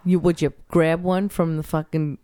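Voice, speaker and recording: A woman's voice: sits low, little pitch movement, moderate pace, dark tone, no room sound. A woman co-hosting a podcast, joking in a brash, profane way. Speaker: podcast co-host. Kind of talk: casual chat.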